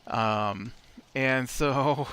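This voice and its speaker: A man's voice: mid-range voice, very slow, a bit bright, a little hiss or hum. A man hosting a let's play, telling a rambling story between remarks on the game. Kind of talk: casual gameplay commentary.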